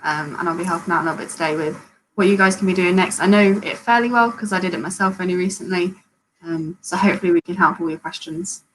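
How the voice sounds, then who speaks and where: A woman's voice: fairly low pitch, fast talker, slight background noise, poor audio. A young woman, a recent media graduate, introducing herself in an easygoing way. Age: young adult. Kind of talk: casual introduction.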